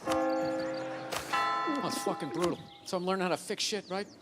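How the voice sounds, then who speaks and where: A man's voice: sits high, a little slow, loud music behind the voice. A man doing a stand-up comedy routine, swearing a lot and acting out heated arguments in different voices. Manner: profane, ranting, acts out arguments. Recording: loud background noise.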